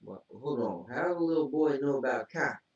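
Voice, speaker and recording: A man co-hosting a casual show, reading out listener comments slowly and often laughing along. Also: mid-range voice, lively intonation, muffled recording. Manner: slow, laughs while reading. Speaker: co-host. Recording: echoey room, far from mic.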